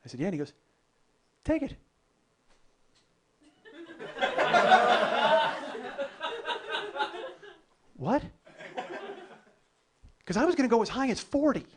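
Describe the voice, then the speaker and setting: A man's voice: extremely high pitch, big pitch swings, slow pace, pauses often, a crowd in the background. A man hosting a comedy podcast, telling a long travel story in a loose, profane way and often laughing at his own jokes. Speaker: podcast host.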